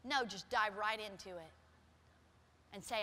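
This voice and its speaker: Woman pastor, middle-aged, sermon, personal stories, soft then loud, sharp bright tone, church hall reverb. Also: mid-range voice, unhurried, slight background noise. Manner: personal storytelling, swinging from soft to loud emphatic. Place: church sanctuary.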